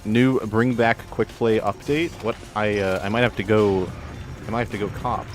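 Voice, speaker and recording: A man hosting a casual live stream, chatting while he plays a game and breaking into loud swearing outbursts at it. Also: on the low side, normal speed, over music. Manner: excitable, swears and shouts at the game. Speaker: streamer and show host.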